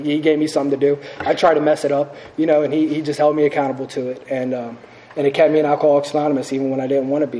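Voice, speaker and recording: Man, 30s, recovery speaker at a podium; rapid, earnest, self-deprecating testimony, faint room hum. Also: mid-range voice, mellow, poor audio. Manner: earnest, self-mocking, full of fillers. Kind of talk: personal testimony talk.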